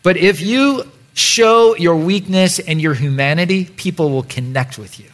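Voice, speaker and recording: A man preaching in a church, chatty and playful, slipping into quick mock voices to make his point. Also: sits high, fairly bright tone. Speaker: pastor. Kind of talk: sermon.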